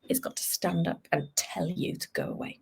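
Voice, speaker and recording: A woman vet giving an online lesson to children, lively and encouraging, sometimes voicing what a dog is thinking. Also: on the low side, normal speed, vocal fry, husky. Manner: lively, speaks to children, voices the dog's thoughts. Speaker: veterinarian teaching children.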